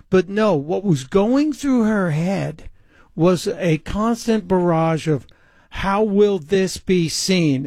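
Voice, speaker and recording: A man hosts a talk radio show, delivering pointed political commentary. His voice sits a bit high for a man and the sound is dry and close. He is sarcastic and emphatic, slowing down to stress his points. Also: gravelly, a little mellow, dry recording. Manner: sarcastic, emphatic, shifts pace often.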